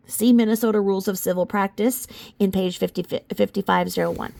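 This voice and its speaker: A woman's voice: mid-range voice, steady tone, fairly quick, creaky, a little mellow. A woman commentator reading court filings aloud in a casual way, with sarcastic, mocking asides and sudden outbursts.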